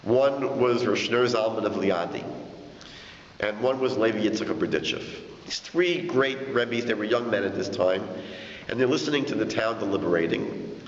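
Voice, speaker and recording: A male rabbi telling a story in an animated way, acting out the quotes. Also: on the low side, moderate pace. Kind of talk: storytelling lecture. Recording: dull echoey hall, faint noise.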